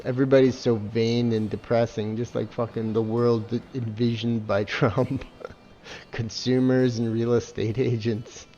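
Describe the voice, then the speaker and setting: An unhurried man with a mid-range, dark voice and level tone talks over gameplay, heard through lo-fi sound with slight background noise. His review is casual and profane, sarcastic throughout, with lots of swearing and mocking laughs.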